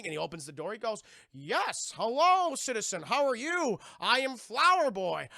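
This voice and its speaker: A man streaming live, excitedly recapping a TV episode for his chat, profane and acting out the characters' lines. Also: sits high, gravelly, no echo, studio quality. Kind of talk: animated live-stream recap with acted-out quotes.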